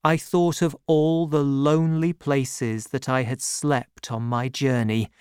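A woman reading a story aloud as narrator, measured and expressive. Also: extremely low pitch, smooth, no echo, clean studio sound.

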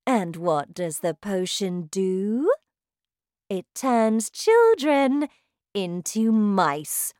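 A woman voicing a cruel, bossy female witch leader who shouts her orders with scorn, in a storybook reading. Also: medium pitch, big pitch swings, extremely slow, no room sound, studio quality, voice pushed up. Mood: scornful, commanding. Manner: shouting, commanding, contemptuous.

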